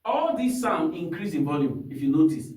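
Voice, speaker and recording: Male voice coach, high-ish voice, patient instructive delivery, echoey room with a distant mic. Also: very animated, normal speed, darkish tone. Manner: instructive, checks in often with "hmm?" and "you understand?". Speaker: singing teacher. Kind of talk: singing lesson with demonstrations.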